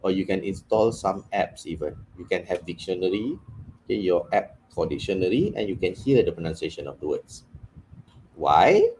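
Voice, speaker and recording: A middle-aged man, an English trainer giving a lively workshop lecture with Malay asides. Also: sits low, moderate pace, slight background noise, low-quality recording. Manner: animated teaching, switching into Malay asides.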